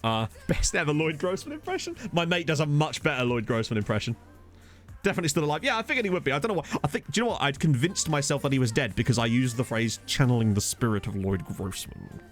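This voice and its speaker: Rapid-fire and medium-pitched, this man chats and cracks jokes while streaming a football management game. He responds to viewer chat on a desk USB condenser mic, soft background music underneath.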